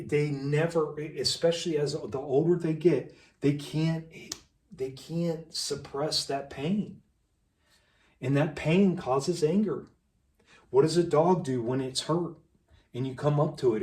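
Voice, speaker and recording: A man's voice: on the high side, darkish tone. Preachy man talking in an echoey room. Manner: preachy, rhetorical, repeats lists of phrases. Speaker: vlogger. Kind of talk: impassioned monologue to camera. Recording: echoey room, mic at a distance.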